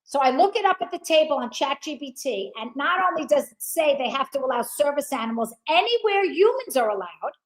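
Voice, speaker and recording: A woman guest in casual chat, loud and swearing, telling a story with acted quotes. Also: sits high, sing-song, fairly quick, few pauses, rough recording.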